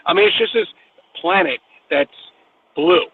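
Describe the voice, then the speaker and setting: Gravelly New York man on a tinny line. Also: high voice, huge pitch swings, unhurried. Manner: rambling, profane, emphatic. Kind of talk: casual online conversation. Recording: tinny phone-like line with faint noise.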